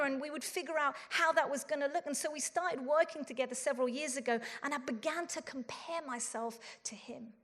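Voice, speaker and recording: A woman's voice: high-pitched, fairly quick, hardly any pauses, fairly bright tone. A woman in her forties giving an earnest, self-deprecating and humorous conference talk. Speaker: conference speaker. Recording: long hall reverb.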